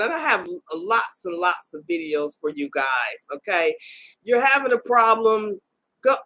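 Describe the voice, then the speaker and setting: A woman's voice: mid-range voice, fairly bright tone. A middle-aged woman hosting a live-streamed faith podcast, talking casually and exhorting her listeners, often tagging her lines with "okay?" and "y'all.".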